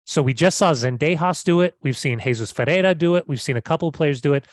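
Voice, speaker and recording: A man's voice: on the high side, quick pace, no room sound. A man co-hosting a casual football podcast, emphatic and argumentative. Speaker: podcast co-host.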